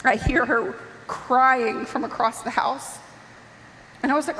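A woman giving an emotional personal testimony, impassioned and pleading, rising at times to near shouts. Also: high voice, fairly even intonation, normal speed, long reverb tail, background noise.

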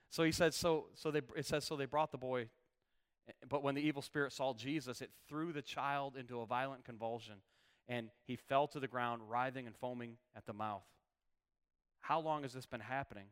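This pastor has a clear, resonant, mid-range voice. He reads scripture aloud, then preaches with rising intensity, stressing key words through repetition.

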